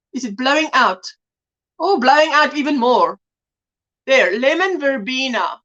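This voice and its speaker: Woman, high voice, swoops up and down, chatty livestream host, teasing, greets viewers. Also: sharp tone. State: a little out of breath. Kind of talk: casual live chat while crocheting.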